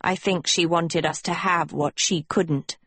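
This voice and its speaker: A woman voicing a proud, guarded teenage villain girl in an audiobook, with a low, quiet, measured delivery. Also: fairly even intonation, husky, no room sound, heavily acted. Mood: tearful. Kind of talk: audiobook character voice.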